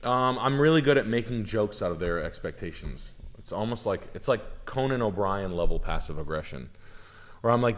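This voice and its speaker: A man's voice: on the low side, lively intonation, normal speed, fairly bright tone. A man who is a realtor and streamer, chatting casually on a livestream in a blunt, sarcastic, passive-aggressive way.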